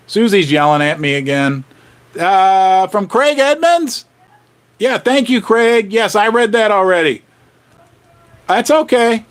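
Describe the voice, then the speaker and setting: A man hosting a casual livestream, rambling and animated as he chats with viewers. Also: high-pitched, slow pace, long pauses. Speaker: livestream host. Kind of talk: casual livestream chat about finance.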